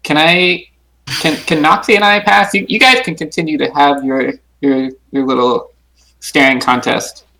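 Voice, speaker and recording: A man's voice: on the high side, fairly even intonation, normal speed, gravelly, sharp tone, rough recording. Stammering playful man player. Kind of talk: in-character tabletop play.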